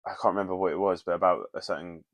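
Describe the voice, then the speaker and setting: Man, casual podcast chat, giggly, low-pitched, dry recording. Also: steady tone, racing, dry recording. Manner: giggly, trails off mid-sentence. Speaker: podcast co-host.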